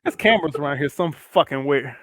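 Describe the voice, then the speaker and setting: A young man co-hosting a podcast, telling a profane work story in a casual, animated way and acting out both sides of the conversation. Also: a little high, fast talker, slight background noise. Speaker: podcast co-host.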